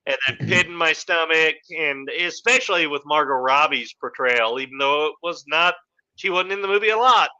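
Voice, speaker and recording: A man's voice: fairly high pitch, normal speed, dull audio. A man co-hosting a casual podcast movie discussion, talking in a rambling way with many fillers. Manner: rambling, animated retelling with fillers. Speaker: podcast co-host.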